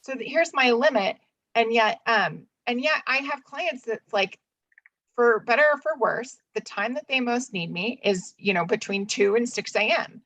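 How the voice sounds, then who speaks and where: A woman's voice: on the high side, lively intonation, moderate pace, a bit bright, dry recording, rough recording. Candid, chatty woman on a webinar. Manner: candid, chatty, many fillers. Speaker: DBT therapist. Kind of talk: casual webinar discussion.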